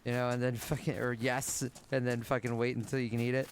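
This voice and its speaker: A man streaming a game live, thinking out loud and swearing casually as he plays. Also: mid-range voice, steady tone, fast, few pauses, a little hiss or hum. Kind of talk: live gameplay commentary.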